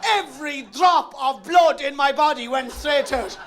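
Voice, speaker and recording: Irish guy doing stand-up, very high voice, loud rowdy bawdy storytelling, yells the punchlines. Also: moderate pace, a faint crowd. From Ireland. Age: middle-aged. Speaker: stand-up comedian. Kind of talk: stand-up comedy routine. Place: theatre stage.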